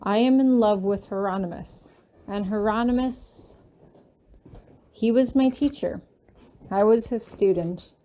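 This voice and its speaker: A woman's voice: mid-range voice, measured pace, pauses often, warm tone. A woman narrating a fanfiction chapter in the first person, reading earnestly and with emotion. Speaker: fanfiction reader.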